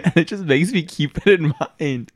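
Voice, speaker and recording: A young man hosting a podcast in casual chat, laughing often and talking in an animated way. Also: fairly high pitch, moderate pace. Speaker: podcast host.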